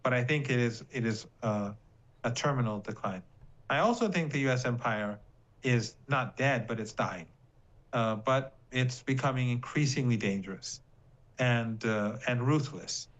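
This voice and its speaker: Measured man in a dull lo-fi clip. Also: mid-range voice, a bit bright. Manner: deliberate, hesitant, with fillers. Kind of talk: measured interview answer.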